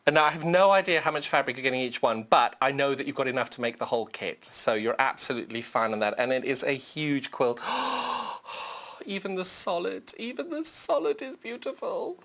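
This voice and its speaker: A young woman from the UK hosts a live television shopping demo in an excited, gushing way. She gasps and exclaims as she unwraps and shows off each item. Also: rumbling low, quick pace, few pauses. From United Kingdom. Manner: gushing, breathless with excitement, gasping. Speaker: shopping channel presenter.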